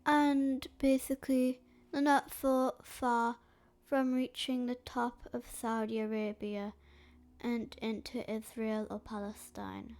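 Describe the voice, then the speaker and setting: A woman narrates a map history video at an unhurried, halting pace. Her voice sits a little high and sounds stuffy from a snotty nose. She pauses often and fills the gaps with "um". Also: level tone, darkish tone. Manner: hesitant, slow, with frequent fillers. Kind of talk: slow narrated map commentary.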